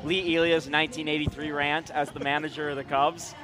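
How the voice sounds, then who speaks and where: A man co-hosting a casual sports chat, retelling stories in a dry, deadpan way. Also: a little high, fairly quick.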